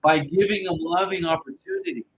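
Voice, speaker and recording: A man's voice: high voice, wildly swooping pitch, a little fast, highs cut off, slight background noise. A man giving a casual online tarot reading, blunt and profane, with loose, rambling phrasing. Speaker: tarot reader.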